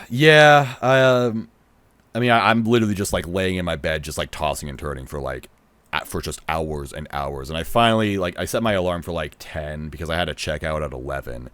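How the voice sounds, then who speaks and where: A man's voice: low voice, lively intonation, normal speed, fairly bright tone, dry recording. A young man casually telling a long story to camera, rambling with many fillers and restarts and quoting what people said. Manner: rambling, lots of fillers and restarts, nervous laughs; acts out others' lines in quoted voices. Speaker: vlogger recounting a festival trip.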